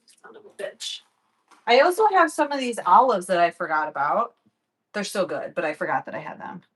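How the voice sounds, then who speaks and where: A young woman chatting casually as she cooks in her home kitchen, swearing freely and telling stories in a lively way. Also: lowish voice, fairly quick, low-quality recording. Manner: chatty, profane, animated storytelling. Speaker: vlogger. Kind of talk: casual cooking vlog chat.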